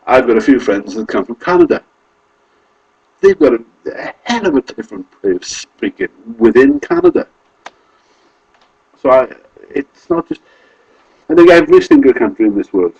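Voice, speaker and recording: A man's voice: medium pitch, a little mellow, husky, muffled recording. A man from Wales with a Carmarthenshire accent, talking casually to camera in a rambling, self-correcting way. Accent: Welsh, Carmarthenshire. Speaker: vlogger.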